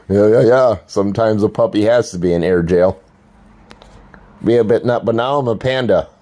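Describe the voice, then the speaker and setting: Crude, mocking older man with a mellow voice. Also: mid-range voice, lively intonation, moderate pace, long pauses. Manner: crude, mocking, laughs a lot. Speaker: livestreamer. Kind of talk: casual livestream rant.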